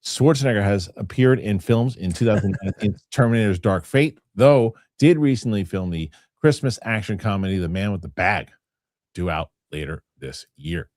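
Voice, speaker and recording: A man hosting a casual movie news show, animated and jokey, reading headlines and adding his own takes. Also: on the low side, normal speed, dry recording, clean studio sound. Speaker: show host.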